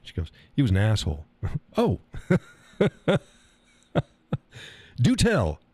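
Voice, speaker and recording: Swinging hugely in pitch, this middle-aged live streamer from the States speaks slowly, with a breathy edge to his fairly low, dark, mellow voice. He tells a story as a loose, foul-mouthed rant, stumbling on repeated words and mimicking the characters, captured close-miked and dry without echo.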